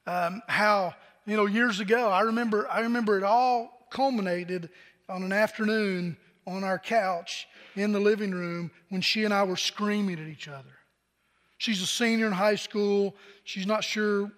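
A man's voice: sits high, bright, forceful tone, big-room sound. An older man from preaching a sermon to a congregation, talking conversationally and throwing questions at the crowd. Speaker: pastor.

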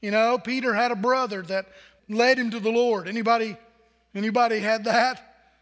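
A man's voice: very high voice, steady tone, moderate pace, fairly bright tone, in a large hall. A man pastor preaching a sermon in a conversational way, asking the congregation questions.

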